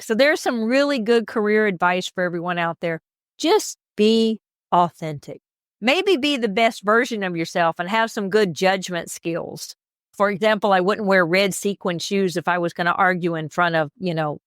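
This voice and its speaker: A woman with a Southern US accent, co-hosting a podcast in casual, animated chat. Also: mid-range voice, moderate pace, no echo, clean studio sound. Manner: chatty, animated storyteller with emphatic asides. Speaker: podcast co-host.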